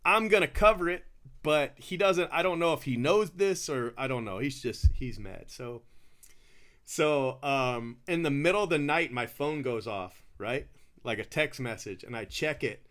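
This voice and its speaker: A man's voice: medium pitch, measured pace, a bit bright. A man casually telling a story during a card break, chatty, laughing often and saying "bro" and "you know" a lot.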